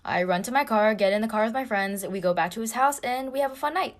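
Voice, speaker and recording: A young woman with a slightly high voice rattles off a personal story at speed. Her telling is casual, breathless and dramatic. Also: fast talker.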